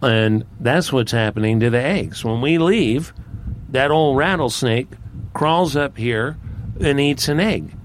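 An anxious mother raven , as a male storyteller puts her on, explains things in a voice pitched a little above his own. She sounds distraught and worried, with a faint hiss under the recording. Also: animated, takes it slowly. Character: distraught female raven, a wife.

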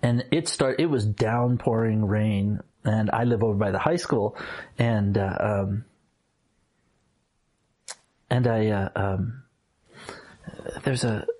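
A man with a husky voice telling a personal story in a casual chat, laughing often and getting animated when he quotes people. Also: on the low side, takes it slowly, long pauses. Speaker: guest.

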